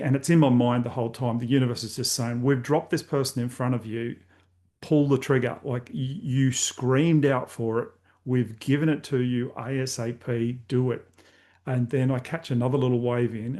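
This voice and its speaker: A man's voice: medium pitch, gravelly, a little mellow. An older Australian man telling candid, rambling personal stories as an interview guest. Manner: candid, rambling anecdotes with many fillers. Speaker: podcast host guest. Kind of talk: casual storytelling interview.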